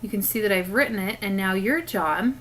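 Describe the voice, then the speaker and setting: A woman's voice: mid-range voice, fairly quick, a bit bright, a little hiss or hum, rough recording. A woman teacher giving a recorded spelling lesson to children, patiently explaining each step through a webcam.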